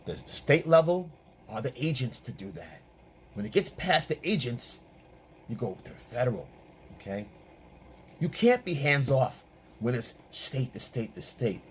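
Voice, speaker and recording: Emphatic man with a lively voice. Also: medium pitch, slight background noise. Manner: emphatic, repetitive, lecturing. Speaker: dating and relationship coach. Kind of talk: opinion commentary.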